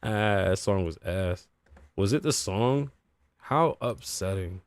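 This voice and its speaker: A man's voice: lowish voice, animated, slow, smooth, no room sound. A man hosting his own livestream podcast, talking loosely to chat and to himself, swearing often, his voice worn and shot. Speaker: podcast host. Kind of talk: casual livestream talk.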